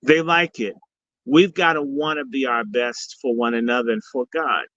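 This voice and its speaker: This guest on a live stream, a summit organizer and speaker, alternates preachy blessings and profanity in an easygoing chat. He has a mid-range, steady, sharp-toned voice at a moderate pace. The video-call sound has no room sound but is dull and lo-fi.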